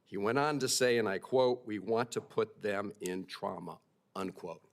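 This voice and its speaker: A man's voice: fairly low pitch, unhurried, gravelly. A man as a senator questioning a witness at a committee hearing, pointed and pressing.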